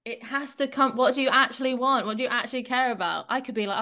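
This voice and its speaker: Chatty woman fitness coach, animated. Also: on the high side, fast, hardly any pauses. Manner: chatty, animated, often tags a questioning "right?". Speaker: fitness coach and podcast co-host. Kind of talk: casual podcast chat.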